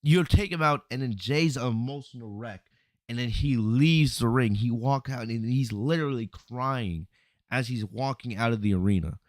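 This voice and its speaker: A man hosting a podcast, recapping a wrestling event in a casual, animated storytelling way, often asking "right?" and acting out lines. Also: mid-range voice, no room sound, clean studio sound. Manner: animated storytelling, acts out quotes, frequent "right?" and "you know". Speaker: podcast host reviewing wrestling. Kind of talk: casual solo review commentary.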